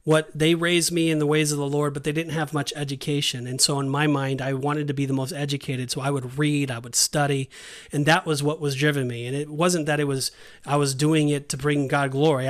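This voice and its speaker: Earnest, slightly high-voiced man. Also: level tone, fairly quick. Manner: earnest storytelling, quoting dialogue. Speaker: podcast host. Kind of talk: faith testimony.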